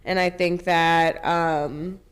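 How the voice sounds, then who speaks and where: A woman's voice: fairly low pitch, steady tone, takes it slowly. A woman co-hosting a casual chat, speaking frankly and emphatically. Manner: frank and emphatic, says "baby". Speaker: co-host.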